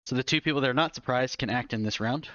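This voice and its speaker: A man running a tabletop game as dungeon master, calmly explaining rules and narrating enemy moves. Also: medium pitch, fast talker, no echo. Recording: dry, slightly dull mic.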